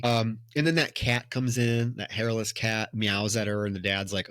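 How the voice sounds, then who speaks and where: A man co-hosting a podcast, recapping a film plot as an expressive storyteller who acts out the characters' lines. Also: medium pitch, a little fast, hardly any pauses, no echo, clean studio sound. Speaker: podcast co-host.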